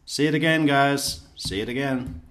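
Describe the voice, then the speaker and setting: A man's voice: mid-range voice, moderate pace, fairly bright tone. A man giving blunt, sarcastic commentary on an interrogation video, and breaking into mocking impressions of the people in it. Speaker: true crime commentator.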